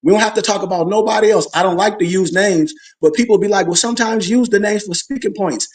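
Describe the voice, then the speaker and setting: A man teaching a Sunday school class in an emphatic, animated preaching style, calling out to his listeners for responses. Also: sits high, fast.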